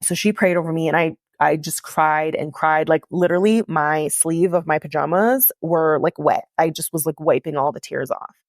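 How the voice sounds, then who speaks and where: A woman's voice: deep voice, normal speed, hardly any pauses, dry recording, clean studio sound. A woman podcast host telling a personal story in a candid, confessional way, with lots of "like" in her speech. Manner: candid, confessional, heavy use of "like".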